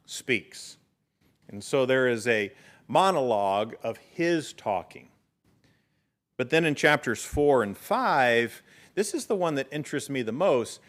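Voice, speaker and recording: A middle-aged man preaches to his congregation in a church. He talks in an earnest, storytelling way and rises in emphasis on his main points. His voice sits at a middle pitch. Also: lively intonation, moderate pace. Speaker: pastor. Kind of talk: sermon. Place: church sanctuary.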